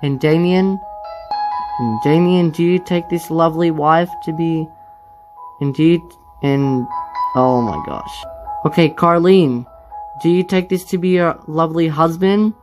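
Brief: woman playing a slow, deep-set officiant who fumbles the vows. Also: music in the background. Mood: solemn, fumbling. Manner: halting, loses track of the words. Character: wedding officiant, hesitant and fumbling.

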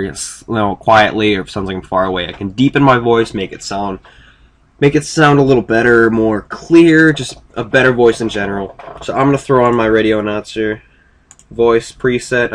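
A man talking through a casual screen-recorded software tutorial, rambling and correcting himself as he goes. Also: on the low side. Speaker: video tutorial maker.

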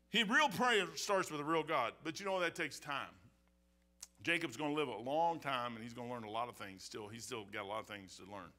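An older man preaches a sermon in a church in a folksy, rambling manner. His voice sits high and sounds bright and forceful. He stumbles through restarts and keeps tossing in an easy "man" as he talks. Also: brisk. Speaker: pastor. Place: church sanctuary.

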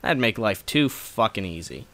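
A man's voice: on the low side, animated, moderate pace, fairly bright tone, no room sound. A man giving profane, sarcastic gameplay commentary, ranting at a boss fight. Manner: profane, ranting frustration at the game. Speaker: let's play gamer.

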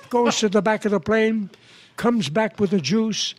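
Old guy telling jokes on a podcast, really high voice, slow and chuckly. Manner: chuckling storyteller, unhurried. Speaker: guest.

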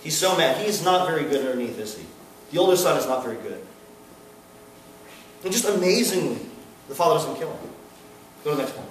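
A man's voice: fairly high pitch, lively intonation, a little fast, long pauses, far from the mic, a little hiss or hum. A young man preaching an earnest, emphatic sermon to a student fellowship. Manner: earnest, builds to emphatic peaks, acts out a screaming son. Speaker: campus fellowship speaker. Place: large hall at a student gathering. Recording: echoey hall recorded from afar.

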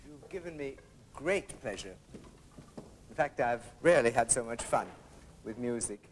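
A man's voice: medium pitch, lively intonation, a little slow. A man leading a rehearsal, courteous and precise, singing out rhythms in nonsense syllables to show the phrasing. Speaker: visiting violinist leading a workshop. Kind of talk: rehearsal coaching.

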